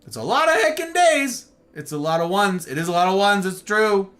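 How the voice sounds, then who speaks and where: Animated, jokey male streamer. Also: brisk, faint music behind. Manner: playful and jokey, with big swoops of pitch. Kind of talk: casual live-stream chat with viewers.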